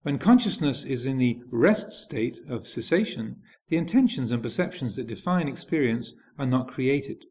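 Gravelly man giving a hesitant dharma talk. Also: medium pitch, animated, moderate pace, few pauses, a little mellow. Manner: hesitant, many fillers and restarts. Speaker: Buddhist monk teacher.

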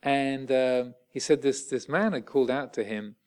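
A man, a Buddhist monk giving a dharma talk in a halting way with many pauses and restarts. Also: mid-range voice, darkish tone.

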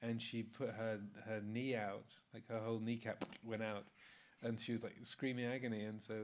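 A Buddhist monk in his sixties gives an informal Dharma talk, relaxed and full of anecdotes, fillers and frequent chuckles. He speaks at a moderate pace in a fairly low voice.

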